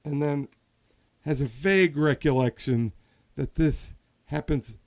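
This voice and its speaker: A man's voice: on the high side, a little slow. A man hosting a podcast in casual chat, telling a hypothetical story with many restarts and asides. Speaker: podcast host.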